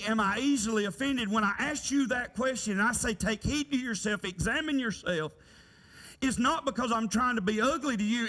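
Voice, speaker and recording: A man's voice: extremely high pitch, bright, forceful tone. A middle-aged man preaching a folksy, conversational sermon in a church, asking the congregation rhetorical questions. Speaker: pastor. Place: church sanctuary. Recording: church hall reverb.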